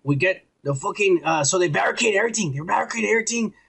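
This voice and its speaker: Ranting high-voiced man on a podcast. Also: expressive, rapid-fire, vocal fry, fairly bright tone, breathy edge. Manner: ranting, profane, acts out scenes in quoted voices. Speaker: podcast co-host. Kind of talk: casual profane review chat.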